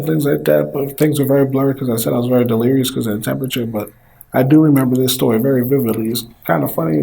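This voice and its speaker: A young man casually telling a personal story, relaxed and conversational. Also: medium pitch, gravelly, poor audio. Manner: relaxed, conversational retelling with quoted dialogue. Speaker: former football player telling his story.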